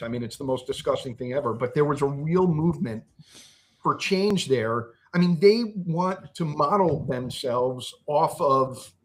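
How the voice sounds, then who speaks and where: A man's voice: a little high, a little hiss or hum. A man speaking as a podcast guest in a heated political discussion, angry and impassioned, swearing and restarting his sentences.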